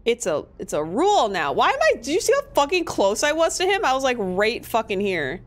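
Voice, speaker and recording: A woman's voice: a little high, huge pitch swings, brisk. A young woman from Minnesota giving casual gameplay commentary, chatty, swearing freely and laughing often. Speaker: streamer.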